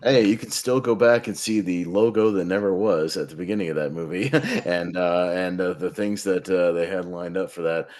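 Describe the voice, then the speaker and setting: Man, very low voice, casual movie talk, enthusiastic, measured. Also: darkish tone. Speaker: podcast co-host.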